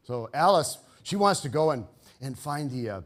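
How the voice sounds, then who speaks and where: An older man telling a comic, personal story live on stage, wry and halting, with frequent restarts. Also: medium pitch, animated.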